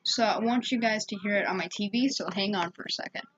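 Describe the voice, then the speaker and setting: A woman's voice: medium pitch, quick pace, muffled recording, a little hiss or hum. A woman giving a casual, rambling spoken movie review at home, full of fillers and restarts.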